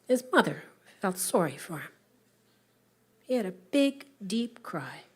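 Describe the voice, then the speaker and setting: A woman telling a story to families, animated, swinging between whispers and loud calls. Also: mid-range voice, takes it slowly, slightly rough.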